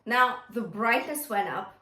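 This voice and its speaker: A woman's voice: fairly high pitch, expressive, unhurried, bright, forceful tone, echoey room, faint music behind. A woman vocal coach teaching singing, often checking in with the listener as she explains. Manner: encouraging, checks in with "yeah?" and "okay?". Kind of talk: singing lesson with demonstrations.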